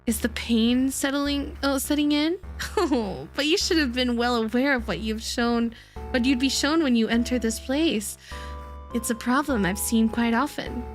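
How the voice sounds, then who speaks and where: A woman's voice: fairly high pitch, natural voice. A woman reading aloud the lines of a cruel, grandly polite theater host from a game, with a mocking tone.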